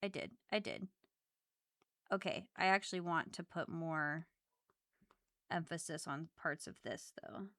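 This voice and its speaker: Woman streamer, casual chat while drawing; crisp, clean voice, loud excitable reactions. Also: low voice, measured pace, pauses often, dry recording, studio quality. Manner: chatty, reacts loudly to chat with squeals and laughs.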